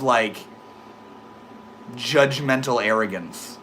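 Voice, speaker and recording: A man's voice: medium pitch, a little slow, a bit bright, a little hiss or hum. A young man with a slight lisp, talking casually to his livestream chat, laid-back and swearing freely. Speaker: livestream host reading chat.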